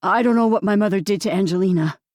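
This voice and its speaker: A woman's voice: medium pitch, fast talker, a little mellow, no echo, clean studio sound, natural voice. A woman voicing an anxious young man who pleads earnestly to make amends. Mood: pleading.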